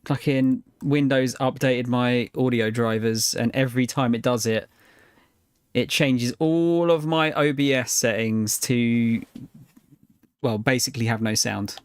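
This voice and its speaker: A man's voice: medium pitch, fairly even intonation, measured pace, clean tone, dry recording, clean studio sound. A man chatting casually to viewers during a live game stream, rambling and laid-back with frequent swearing and laughter. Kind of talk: casual live-stream chat while gaming.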